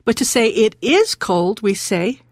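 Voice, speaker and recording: A woman hosting a radio language lesson, patiently slowing down and repeating words. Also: mid-range voice, big pitch swings, no room sound, studio quality.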